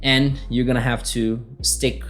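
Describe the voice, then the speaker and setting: A man's voice: medium pitch, level tone, unhurried, fairly bright tone, soft background music. Man teaching English casually. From Brazil. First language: Portuguese. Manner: conversational, checks in with frequent tag questions. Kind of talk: solo podcast lesson.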